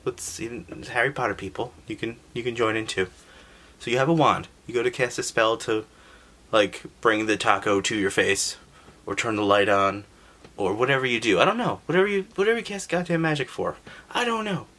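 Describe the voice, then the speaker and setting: A man's voice: mid-range voice, fairly quick. A man hosting a casual, sarcastic recap of an old video game story, joking and swearing as he goes. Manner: sarcastic, animated, profane. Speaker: gaming history channel host.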